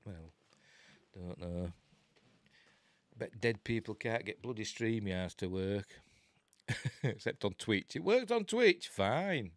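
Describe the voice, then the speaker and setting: A middle-aged Yorkshireman with a fairly low voice hosts a casual live film commentary, full of chatty, sarcastic asides. The studio-quality audio has no room sound.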